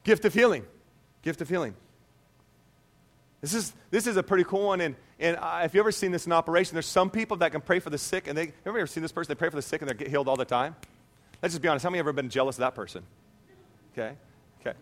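A man preaching a sermon as pastor, animated and conversational, often checking in with "okay?". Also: fairly high pitch, quick pace.

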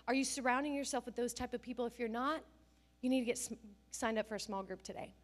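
A middle-aged woman pastor preaches from the pulpit in a fairly high voice. She tells stories with animation, acting out the people she quotes and jumping up in pitch for emphasis. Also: fast talker. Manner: animated storytelling, acts out family scenes and quotes with bursts of laughter. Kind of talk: sermon.

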